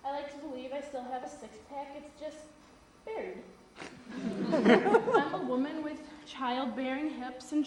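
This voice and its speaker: A woman giving a wry college monologue. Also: high voice. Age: young adult. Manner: wry, candid. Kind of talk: stage monologue. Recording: echoey stage recording with faint noise.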